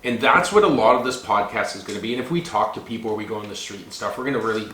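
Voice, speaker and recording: A man's voice: lowish voice, lively intonation, rapid-fire, fairly bright tone, echoey room, slight background noise. A man co-hosting a casual podcast, chatty and loose, full of "like" and "dude" fillers. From Canada. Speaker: podcast co-host.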